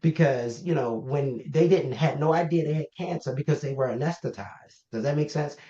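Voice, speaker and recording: A man's voice: fairly high pitch, normal speed. A man being interviewed as the founder of a health organization, telling stories and acting out the voices of the people in them. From Baltimore, US. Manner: animated storyteller, acts out quoted exchanges. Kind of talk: conversational interview. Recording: roomy, dull lo-fi sound.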